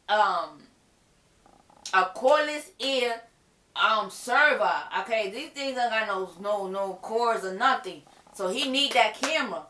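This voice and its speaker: A woman recapping a TV episode in casual chat, animated and exclaiming, with laughs between her remarks. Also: on the high side, roomy sound, a little hiss or hum. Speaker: TV episode reviewer.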